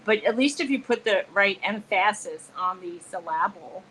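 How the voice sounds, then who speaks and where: A woman co-hosts a live show, chatting casually with a friend, laughing easily and playing with how words are pronounced. Her medium-pitched voice is animated and fairly bright at a normal speed. The recording is rough, with a little hiss or hum.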